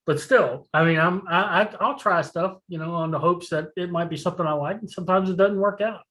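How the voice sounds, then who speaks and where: This co-host spins anecdotes with gusto, laughing through punchlines and swearing freely. The talk is loose and chatty, at a middling pitch. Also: a little fast, rough recording. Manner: animated storyteller, profane, laughs while telling. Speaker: podcast co-host. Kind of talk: casual chat.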